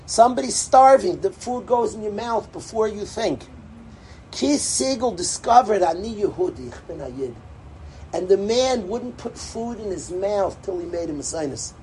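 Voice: medium pitch, a little mellow, a little hiss or hum, poor audio. An adult giving an impassioned religious talk to a gathering, emphatic and repetitive, with broken-off phrases and Hebrew and Yiddish terms mixed in. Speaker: speaker addressing a religious gathering.

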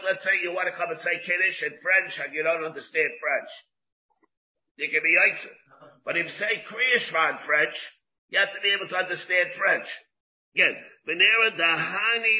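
Rabbi explaining Talmud, muffled recording. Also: male voice, sits high, a little fast. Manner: explains each point by restating and repeating it; mixes English with Hebrew and Aramaic study terms. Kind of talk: Talmud study lecture. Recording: dull lo-fi recording.

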